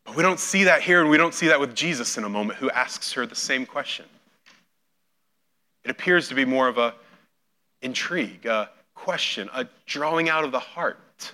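A man's voice: medium pitch, lively intonation, moderate pace. A man preaching a sermon, retelling a scripture scene and acting out the voices in it. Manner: storytelling, acts out quoted voices with big swings in loudness. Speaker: pastor.

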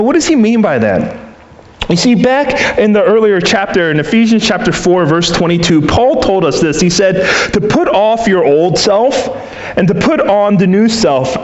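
A man's voice: high voice, reverberant, dull audio. A man preaching a sermon, earnestly asking his listeners questions and acting out little quoted exchanges. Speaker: pastor.

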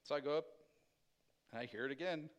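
Casual storytelling pastor, man, higher voice. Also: fairly quick, dull audio. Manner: casual, animated storyteller acting out quoted voices. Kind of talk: sermon testimony storytelling.

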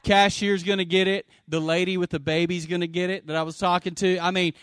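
A pastor with a drawl preaches with big swings, bursting out loud and then dropping to a hush. His voice sits a bit high for a man. The sound is dry and close, with almost no room echo. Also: fairly quick, clear, resonant tone. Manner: animated preaching, swinging from loud exclamations to quiet asides; calls for audience response. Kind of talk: sermon.

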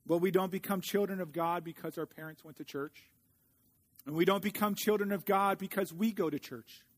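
High-voiced earnest male preacher. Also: fairly even intonation. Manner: earnest preaching, slows for scripture. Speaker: pastor. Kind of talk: sermon.

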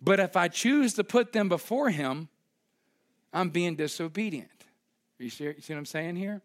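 Emphatic, lively pastor preaching. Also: male voice, high-pitched, moderate pace. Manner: conversational, emphatic, jokes with congregation. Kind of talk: sermon.

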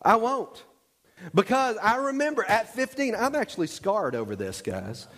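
Male pastor, high voice, animated sermon storyteller, church sanctuary with long reverb. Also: normal speed. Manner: animated storytelling with acted-out shouts. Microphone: wearing a microphone pack. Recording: long reverb of a large hall.

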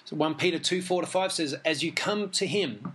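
A man's voice: fairly high pitch, moderate pace, fairly bright tone, breathy edge. Easygoing man teaching from scripture. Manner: reads scripture aloud, easygoing and chuckling. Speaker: Christian teacher. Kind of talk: Bible teaching talk.

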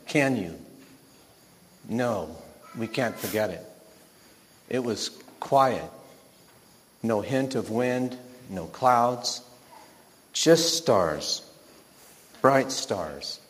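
Middle-aged man slowly telling a story to his boy, soft and gentle, big reverby hall. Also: mid-range voice, animated. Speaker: shepherd father telling a story. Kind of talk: scripted dramatic monologue.

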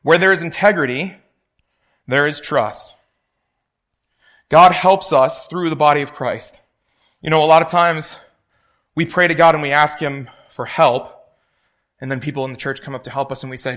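This is a young man preaching a sermon, his voice sitting a little higher than most men's. He talks casually and tells stories, slipping into the voices of the people he quotes. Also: fairly even intonation, normal speed, long pauses, fairly bright tone.

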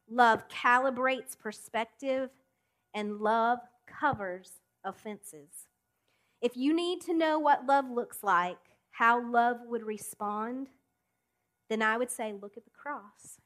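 A woman preaching a sermon in a fairly high voice. She leans on key words with deliberate pauses and throws direct questions at the listeners. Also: a bit bright. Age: adult. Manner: emphatic, with deliberate pauses and rising appeals.

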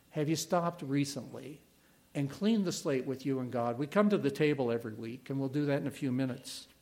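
A middle-aged man preaching a sermon as a pastor, earnest and emphatic, pausing and repeating key words. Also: a little high, a little mellow.

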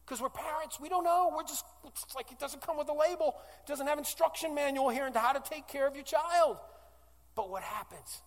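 Brief: man in his 40s, pastor mid-sermon, high and ardent, long church reverb. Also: a little fast. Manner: impassioned, swinging from loud declarations to hushed, tearful-sounding pleas.

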